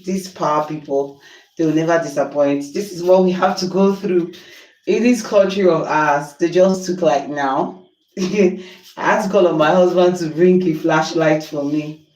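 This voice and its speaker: A woman's voice: sits low, a little slow, darkish tone, reverberant, far from the mic, poor audio. A Nigerian woman chatting on a livestream while cooking at home, exasperated and apologetic. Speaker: livestream host. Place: home kitchen.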